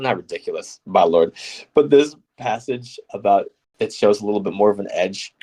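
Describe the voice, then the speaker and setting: A man hosting a live radio show, chatting casually and reading scripture aloud, playful and quick to laugh. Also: on the low side, warm tone, slightly rough, poor audio. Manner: playful, laughs often, slips into mock accents.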